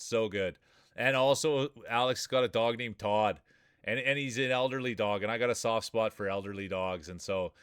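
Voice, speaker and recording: A man's voice: medium pitch, a bit bright, clear, resonant tone, no room sound, studio quality. A man streaming live, doing playful, joking play-by-play commentary on marble races and chatting with viewers.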